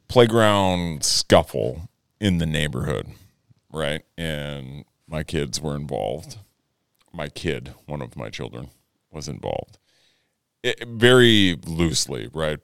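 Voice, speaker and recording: A middle-aged man co-hosting a podcast, telling an animated story in casual chat and laughing at his own tale. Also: very deep voice, smooth, no echo, clean studio sound. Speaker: podcast co-host.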